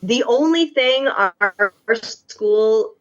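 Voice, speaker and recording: A woman's voice: on the high side, expressive, takes it slowly. Canadian-raised woman guest, casual, slightly muffled audio. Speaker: podcast guest. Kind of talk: casual podcast chat.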